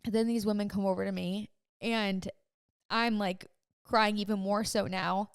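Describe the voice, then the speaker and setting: Smooth-voiced young woman, earnest and chatty. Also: medium pitch, steady tone, normal speed, no room sound, clean studio sound. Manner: earnest, emotional, chatty with frequent "like". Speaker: podcast host. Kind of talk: personal storytelling podcast.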